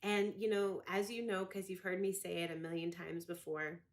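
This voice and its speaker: A woman with a lowish voice giving a heartfelt tribute to a dear friend. She is emotional and close to tears, and her words come out halting and full of affection. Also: level tone.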